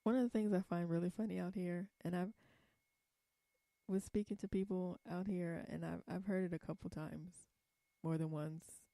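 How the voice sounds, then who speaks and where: A woman's voice: fairly low pitch, fairly even intonation, normal speed, warm tone, no echo, clean studio sound. A young woman from California talking casually in a vlog, blunt and profane, rambling with many fillers. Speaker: vlogger.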